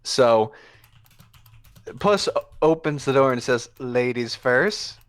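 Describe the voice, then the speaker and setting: Slow-talking, profane game master man. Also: mid-range voice, animated, clean tone, dry recording. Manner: casual, profane, full of fillers. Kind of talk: narrating a tabletop game.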